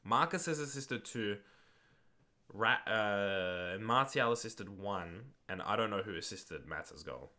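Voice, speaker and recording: A man's voice: fairly low pitch, expressive, a little slow, sharp tone. A young man chatting casually on a late-night stream, rambling through viewer questions and swearing now and then, sounding tired. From Australia. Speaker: livestreamer hosting a football watch-along.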